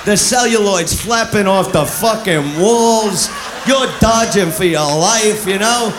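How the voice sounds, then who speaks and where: A man doing crude stand-up comedy, brash and loud, shouting his punchlines. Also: sits high, slow, music in the background. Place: live comedy club. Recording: echoey club with loud crowd. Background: audience laughter and noise.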